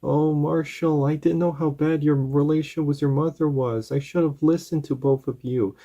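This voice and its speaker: A man's voice: fairly high pitch, steady tone, normal speed, dark tone, voice pushed up. A man doing an apologetic young heroine.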